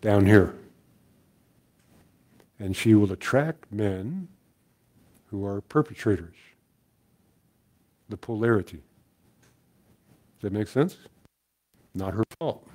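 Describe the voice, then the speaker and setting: An older man giving a sermon as a story, folksy and gentle, repeating his key lines. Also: lowish voice, animated, takes it slowly, long pauses. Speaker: guest speaker and minister.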